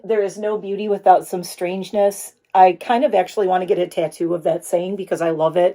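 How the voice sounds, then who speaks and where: Warm and fairly low, this middle-aged woman's voice comes through as she vlogs in her home studio office. It's a casual chat aimed at her phone camera, earnest throughout and sometimes tender.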